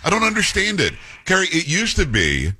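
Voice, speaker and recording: A man's voice: sits high, a little fast, slightly rough. A man hosting a talk radio show in casual on-air banter, teasing his co-host and breaking into voices. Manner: animated, teasing, mimics voices. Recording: radio studio broadcast.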